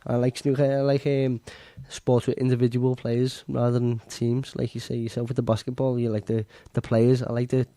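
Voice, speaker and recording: Brief: male guest, mellow tone, dry close sound, unhurried and plain. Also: medium pitch, little pitch movement, no room sound. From Merseyside, England. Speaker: guest, boxer. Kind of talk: casual interview answers.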